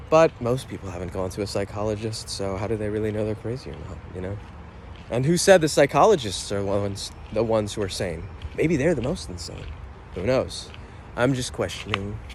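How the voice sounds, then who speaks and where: A man thinking out loud outdoors near a lake, rambling in a playful, self-questioning way. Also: medium pitch, slight background noise. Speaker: vlogger. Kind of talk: casual reflective monologue.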